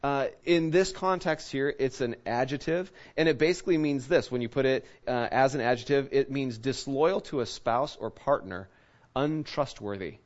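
A man's voice: mid-range voice, moderate pace, highs cut off. A male pastor giving a conversational Bible-teaching sermon, asking his listeners rhetorical questions.

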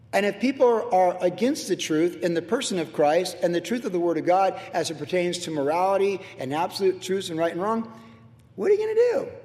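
Emphatic preaching man, high lively voice. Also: big-room sound. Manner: emphatic, preacherly, swings between loud and hushed. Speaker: pastor. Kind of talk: sermon.

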